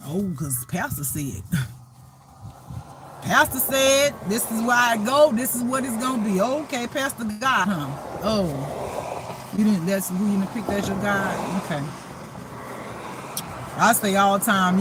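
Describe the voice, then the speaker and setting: Laughing and swearing, a woman who reads tarot rants bluntly at her viewers in an offhand, unscripted monologue. She has a mid-range voice, and the background is noisy.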